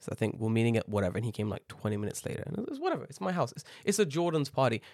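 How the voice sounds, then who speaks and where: A man's voice: medium pitch, very fast, no echo. Give me a man chatting on a podcast, swearing and telling stories, in a dry room. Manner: rambling, swears a lot, animated storytelling. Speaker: podcast co-host. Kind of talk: casual chat.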